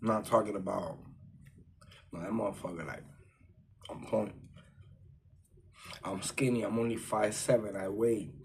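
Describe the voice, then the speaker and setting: Man with a lowish voice, telling a personal story in casual, profane street slang. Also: steady tone, a little slow, gravelly, long pauses, slight background noise.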